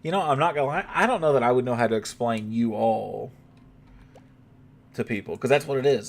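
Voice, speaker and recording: This young man, streaming a game, speaks with a Southern US accent and a hint of twang, his medium-pitched voice creaky and fairly quick yet broken by long pauses. He keeps things relaxed and rambling, cursing freely as he chats.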